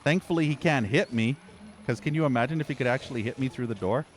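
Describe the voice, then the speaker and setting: A man's voice: mid-range voice, fast talker, slight background noise. Profane, frustrated gaming streamer man. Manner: frustrated, profane ranting with frequent exasperated sighs. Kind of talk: live game commentary.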